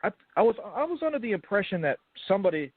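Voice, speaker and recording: A man's voice: high-pitched, very animated, rapid-fire, husky, no room sound. A man calling in to a talk show, asking questions in a hesitant, stumbling way. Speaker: caller. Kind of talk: call-in talk. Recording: tinny phone line.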